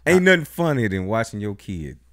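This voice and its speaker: An animated man co-hosts a podcast and tells stories with a wildly expressive pitch. He laughs a lot between lines. The voice is recorded dry and close. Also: brisk, dry recording. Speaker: podcast co-host. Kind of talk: casual chat.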